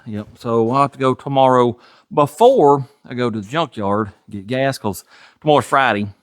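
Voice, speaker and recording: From his home garage workshop, a garage channel host speaks in a mid-range, fairly bright voice. He's from Tennessee, has a Southern US accent, and keeps his casual vlog chat folksy, chuckling and self-deprecating.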